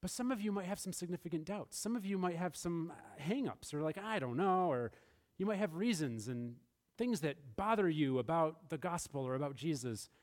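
A man preaching a sermon in a church, laughing often and briefly acting out the voices of the people in his story. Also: high voice. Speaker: pastor. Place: church sanctuary.

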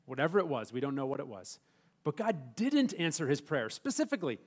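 A pastor preaching a sermon, asking his congregation rhetorical questions and slowing down softly on scripture. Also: fairly high pitch. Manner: animated preaching, rhetorical questions, soft slow emphasis on scripture.

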